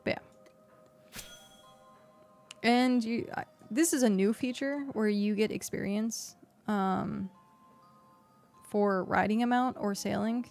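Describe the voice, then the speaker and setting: A woman's voice: mid-range voice, unhurried, gravelly, long pauses, a little mellow. A woman streamer chatting casually as she plays and explains a game, with lots of fillers, into a desk microphone. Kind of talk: casual gameplay commentary. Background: faint background music.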